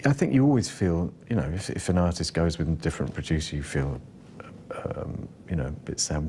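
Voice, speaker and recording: A man's voice: deep voice, a little fast, mellow, slight background noise. A man in an interview, musing in a wry way and trailing off at times. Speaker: interviewee, former producer. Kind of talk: interview recollection.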